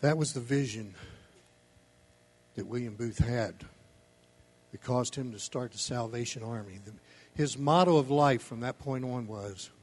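A male pastor speaks to his church in a sermon, earnest and pressing his points home. His voice is husky, at a middle pitch. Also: unhurried, long pauses, darkish tone. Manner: earnest preaching, building emphasis.

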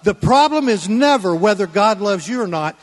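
A man preaching a Sunday sermon in church, folksy and conversational, swinging between loud emphatic lines and quiet low asides. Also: animated, normal speed, in a large hall. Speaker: pastor.

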